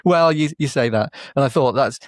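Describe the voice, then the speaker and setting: A man in casual conversation as a comedy podcast co-host, chatty and self-mocking. His voice sits at an ordinary pitch and is recorded dry and close, with no room echo. He talks easily and laughs often between his lines. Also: moderate pace. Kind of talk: casual chat.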